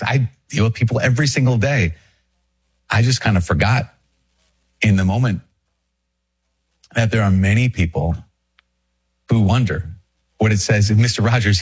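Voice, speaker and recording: A man, a Catholic priest, talking casually to camera, chatty and self-deprecating with animated asides. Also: mid-range voice, slightly rough. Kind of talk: casual video talk.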